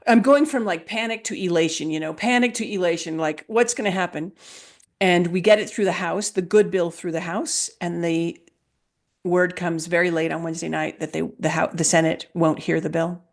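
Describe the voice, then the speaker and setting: Woman, lower voice, emphatic storyteller, quoted dialogue, interview guest. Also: fairly even intonation, moderate pace. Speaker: guest, health freedom advocate. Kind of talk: animated storytelling in a conversation.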